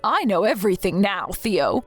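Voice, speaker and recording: A woman reading the messages of a worried, stern grandmother in a text-message story, with soft music behind her. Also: mid-range voice, sing-song, moderate pace. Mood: accusing. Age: older. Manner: firm, scolding.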